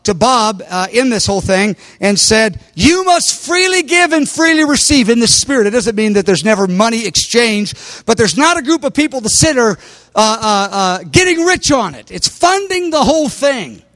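A man's voice: sits high, lively intonation, normal speed, a bit bright, no room sound. A man preaching, telling a story with animation and raising his voice when he quotes others. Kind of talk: sermon testimony.

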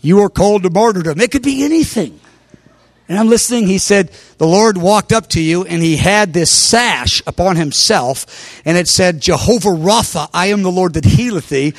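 A man's voice: high voice, dry recording. A man preaching, telling a story with animation and raising his voice when he quotes others. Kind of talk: sermon testimony.

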